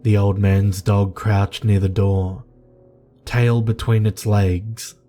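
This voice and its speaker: A man giving slow, measured, grave scripted horror narration. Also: lowish voice, level tone, warm tone. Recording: narration over faint music.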